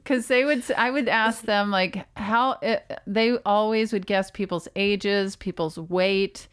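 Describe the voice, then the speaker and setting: Slow, smooth-voiced deadpan woman. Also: medium pitch, no echo. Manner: dry, unhurried, deadpan. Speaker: podcast co-host. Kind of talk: casual comedic chat.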